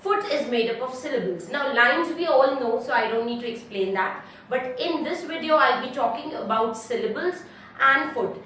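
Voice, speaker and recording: Woman, Indian English accent, high voice, teacher explaining poetic meter, very echoey room. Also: lively intonation, fairly bright tone, recorded from a distance. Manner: mixes English and Hindi, repeats example words slowly to stress syllables. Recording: very echoey room, voice off-mic with faint ambient noise.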